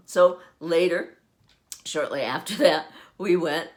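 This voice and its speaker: A woman's voice: on the low side, slow. An older woman hosting her own show from home, telling a funny story casually and laughing often as she goes. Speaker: podcast host.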